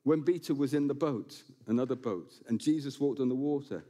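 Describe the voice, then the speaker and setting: A man preaching a sermon to his congregation in a church building, animated and quick to slip in jokes and asides. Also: mid-range voice. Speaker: pastor.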